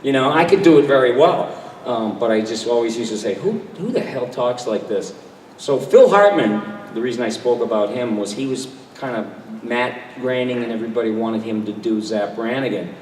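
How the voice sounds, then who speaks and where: An older man, a voice actor on a convention panel, telling animated anecdotes and slipping into quoted voices. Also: mid-range voice, a little fast, a little hiss or hum. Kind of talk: storytelling at a fan panel. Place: large convention hall. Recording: echoey convention hall mic from a distance.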